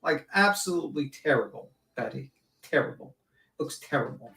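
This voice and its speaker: A woman's voice: deep voice, lively intonation, moderate pace, a bit bright. Ranting woman on an echoey stream. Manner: blunt, swearing, ranting. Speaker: livestream panelist. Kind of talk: casual chat. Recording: echoey room.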